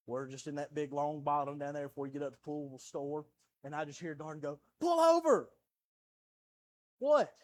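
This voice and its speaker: Young southern preacher guy, high voice, goes from quiet stories to loud pleading. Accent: Southern American. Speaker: pastor. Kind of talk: sermon. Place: church sanctuary.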